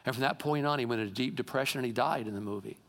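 A middle-aged male pastor preaching a sermon in a church, swinging from quiet asides to loud exclamations as he tells stories. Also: medium pitch, racing, creaky. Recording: long hall reverb.

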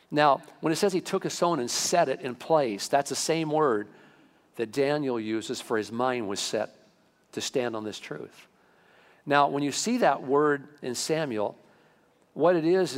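A man preaching a sermon as pastor, animated, rising sharply in pitch to stress his points. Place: church sanctuary. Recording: long reverb of a church hall.

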